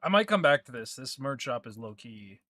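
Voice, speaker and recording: A man's voice: mid-range voice, big pitch swings, normal speed, sharp tone, no room sound. A man streaming a game, chatting casually and trading crude, joking banter with his chat.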